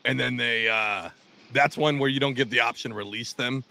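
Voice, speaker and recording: A man with a gravelly voice, co-hosting a podcast in casual, joking banter. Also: medium pitch, steady tone, moderate pace, sharp tone. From South Jersey. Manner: joking, teasing. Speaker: podcast co-host.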